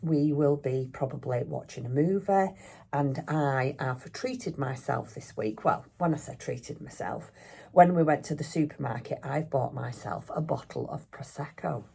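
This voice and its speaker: A woman's voice: rumbling low, unhurried, creaky, mellow, slightly rough. An older woman, chatting casually and rambling a little as she films a craft vlog in her home craft room. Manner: chatty, rambling, self-deprecating. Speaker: craft vlogger. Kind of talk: casual chat.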